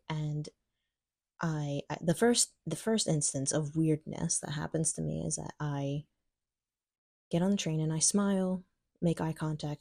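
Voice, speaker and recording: A young woman chats through a storytime vlog in a low, mellow voice, filling her talk with "like" and acting out what she thought. Her voice sounds close and dry. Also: vocal fry, dry recording. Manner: chatty, many "like" fillers, acts out her own thoughts. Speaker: vlogger. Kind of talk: casual storytime.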